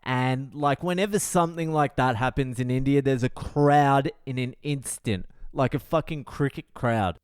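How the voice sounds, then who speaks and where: Swearing frequently and laughing at his own expense, a middle-aged podcast host with an Australian accent tells a story casually and with energy. His mid-range voice flows smoothly at a normal speed with few pauses, recorded cleanly in a studio with no room sound.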